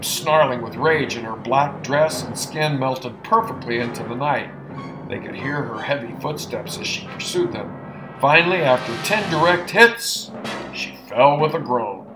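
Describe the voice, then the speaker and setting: A man reading an adventure novel aloud in an expressive, dramatic narration. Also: mid-range voice, moderate pace, music in the background. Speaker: audiobook narrator. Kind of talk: audiobook narration.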